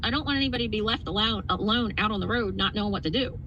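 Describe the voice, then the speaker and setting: A woman trucker and driver trainer in a casual podcast chat, telling stories in an animated way. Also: medium pitch, rapid-fire, dull audio, noisy background. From outside Philadelphia. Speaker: trucker and trainer, show guest.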